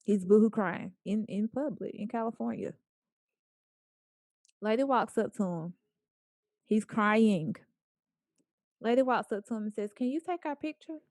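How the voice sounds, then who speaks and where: A woman speaker telling a story to a small group in a lively, playful way, acting out the lines of the people in it. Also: medium pitch, measured pace, pauses often, dry recording, clean studio sound. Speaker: guest speaker.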